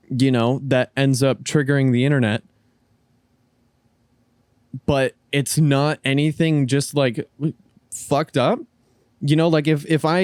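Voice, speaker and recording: A man's voice: medium pitch, a little mellow, no room sound. Man, podcast co-host, casual rambling talk, restarts a lot, curses, dry close sound.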